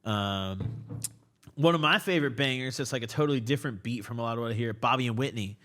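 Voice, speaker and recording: A man's voice: mid-range voice, fast, fairly bright tone. A young man hosting a podcast interview, loose and rambling, tipsy, swearing and laughing often. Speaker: podcast host. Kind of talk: casual drunk interview chat. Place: small cluttered podcast studio corner.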